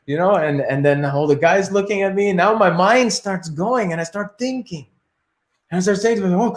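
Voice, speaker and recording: Animated storytelling man, echoey room. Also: sits high, a little fast. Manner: animated, acts out inner thoughts. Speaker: martial arts teacher. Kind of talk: storytelling in an interview.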